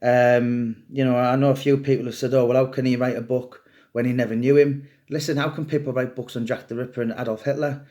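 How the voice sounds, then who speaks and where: A man's voice: mid-range voice, flat delivery, a little fast, mellow. A middle-aged man and author talking casually and at length, rambling and chatty with some swearing. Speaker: true crime author. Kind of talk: casual monologue to camera.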